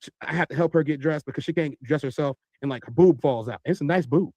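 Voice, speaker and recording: A man telling a long story in animated style, acting out other people's voices. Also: a little high, fast talker, no room sound. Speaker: podcast host telling a story.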